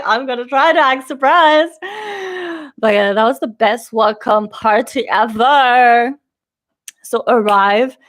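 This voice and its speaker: Young female vlogger, casual and chatty, lively storyteller, slightly high pitch. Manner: chatty, animated storytelling with quoted voices. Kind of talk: casual chat.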